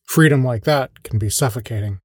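A man's voice: medium pitch, brisk, slightly rough, no echo. A man telling his own short stories as a podcast host, in a dry, wry, understated scripted delivery. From American Midwest. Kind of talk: scripted first-person storytelling.

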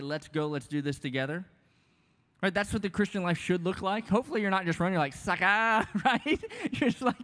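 A man in his thirties preaches in a loose, conversational way, slipping in jokes and asides as he goes. His voice sits a little high for a man. The sound rings with the long reverb of a large hall. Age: 30s. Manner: casual, joking, conversational preaching with many asides. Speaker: pastor. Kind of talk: sermon.

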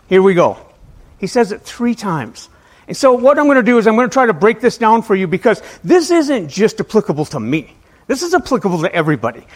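A male pastor giving a casual, conversational sermon to a small church, often stumbling on and repeating his words. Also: sits high. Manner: conversational, self-deprecating, repeats words when starting sentences.

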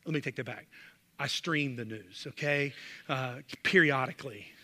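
A man's voice: medium pitch, moderate pace, sharp tone. A male pastor preaching a sermon, emphatic and full of rhetorical questions, in a church sanctuary. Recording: long reverb of a large hall.

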